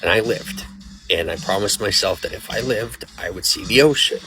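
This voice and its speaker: Tired deep-voiced guy rambling on a late night phone stream, emotional, worn out, loud music playing behind him. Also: moderate pace, low-quality recording. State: exhausted. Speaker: livestreamer. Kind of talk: late-night livestream chat. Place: restaurant at night. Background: loud music from a nearby speaker.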